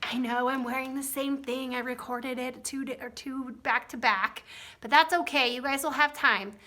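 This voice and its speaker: A woman music teacher giving a recorded lesson to young children, coaching them through warm-ups and rhythms in an encouraging way. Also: high voice, steady tone, moderate pace. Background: piano accompaniment.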